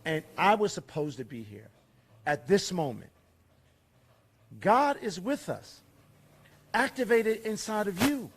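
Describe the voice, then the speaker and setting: A middle-aged man with a notably high speaking voice delivers a fiery, preachy rally speech at a fairgrounds event. He fires off rhetorical questions and drops from loud to hushed for emphasis. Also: expressive, slow, pauses often, breathy edge.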